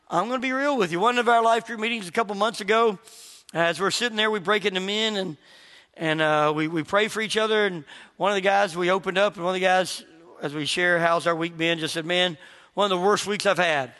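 High, bright-voiced pastor in an echoey hall. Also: male voice, brisk. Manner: animated storytelling, acts out quoted voices. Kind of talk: sermon.

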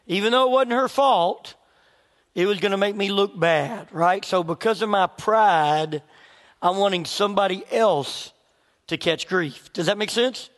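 A man with a high voice preaches a sermon, chatting with his congregation and asking them questions as he tells a story. His voice rings out with a long reverb, as in a large church hall. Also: normal speed, fairly bright tone. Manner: conversational, asks the congregation questions. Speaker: pastor.

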